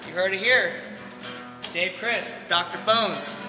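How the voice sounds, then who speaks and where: A man's voice: high-pitched, slow, roomy sound, long reverb tail, loud music behind the voice, poor audio. A man in a wrestling promo interrupting to issue a cocky challenge.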